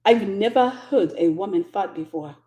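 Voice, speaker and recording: A woman's voice: medium pitch, lively intonation, normal speed, mellow, close to an everyday voice. A woman imitating an amazed Cameroonian husband. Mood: astonished. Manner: repetitive, marveling, stammering.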